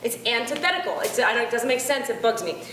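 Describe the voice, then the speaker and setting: A woman doing stand-up comedy in a chatty, animated way, often asking the audience questions. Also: a little high, fast, roomy sound, slight background noise.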